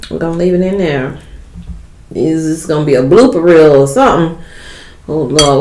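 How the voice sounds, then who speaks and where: A woman's voice: sits low, animated, moderate pace, pauses often, warm tone. A woman eating on camera and chatting casually to viewers. She hums and chews between remarks and calls her viewers "y'all". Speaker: mukbang eating vlogger. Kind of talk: casual eating-video chat. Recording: echoey room with faint noise.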